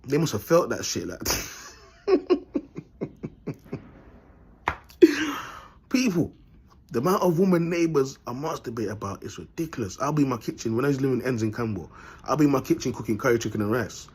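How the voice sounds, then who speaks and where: A man's voice: mid-range voice, lively intonation, quick pace, a little mellow, breathy edge. A man, vlogging in a blunt, rambling monologue full of street slang and frequent laughter. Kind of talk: casual monologue to camera.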